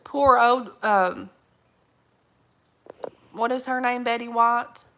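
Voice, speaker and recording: Bright, folksy woman livestreamer. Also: on the high side, slow. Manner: rambling, laughs often, folksy slang. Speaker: livestream host reading viewer comments. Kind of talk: casual live chat.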